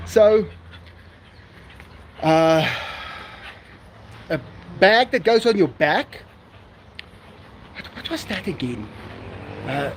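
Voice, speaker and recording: A man's voice: sits high, very animated, very slow, pauses often, slight background noise. A man, hosting a live stream in casual chat and answering viewers, laughing often.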